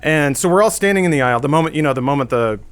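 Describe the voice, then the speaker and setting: A man's voice: on the high side, lively intonation, rapid-fire. A man on a casual podcast, animatedly telling a story and acting out the people in it. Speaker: podcast regular.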